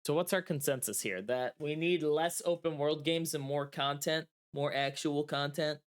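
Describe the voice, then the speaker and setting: A man's voice: a little high, normal speed, clear, resonant tone. A man co-hosting a podcast in casual chat over a remote call, joking and playfully stubborn. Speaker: podcast co-host. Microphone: remote call mic.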